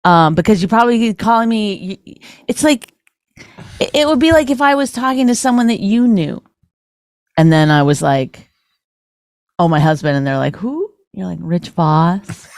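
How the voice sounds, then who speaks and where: A woman's voice: mid-range voice, expressive, normal speed, darkish tone, no echo, clean studio sound. A middle-aged woman from Canada, co-hosting a podcast in an exasperated, teasing, bickering chat. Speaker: podcast co-host.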